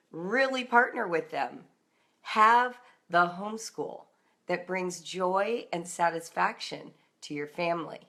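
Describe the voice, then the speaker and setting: A middle-aged woman talking straight to parents on a live stream, encouraging and chatty. Her voice is bright and forward. Now and then she slips into a playful voice to act out a small scene. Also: medium pitch. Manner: animated and chatty, acting out little scenes in a playful voice. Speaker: homeschool writing coach and show host. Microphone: phone or webcam on a social media live stream.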